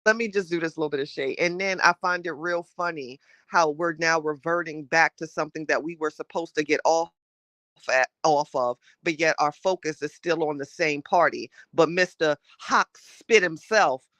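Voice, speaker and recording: A woman hosting a casual morning livestream, chatting with her viewers and reading their messages. She gets heated and animated fast and laughs between her rants. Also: deep voice, dry recording. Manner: chatty, talks straight to the audience.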